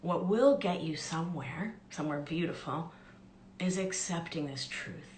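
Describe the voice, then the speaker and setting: A woman's voice: sits low, animated, measured pace, darkish tone. A woman life coach and podcast host, chatting casually on a live stream with upbeat, self-deprecating asides. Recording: echoey room with faint background noise.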